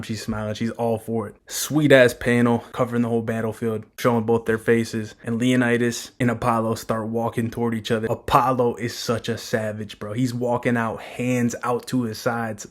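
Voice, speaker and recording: Hyped, slangy man recapping manga. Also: mid-range voice. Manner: hyped, profane, slangy with frequent "bro". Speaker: manga breakdown host. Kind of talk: casual recap commentary.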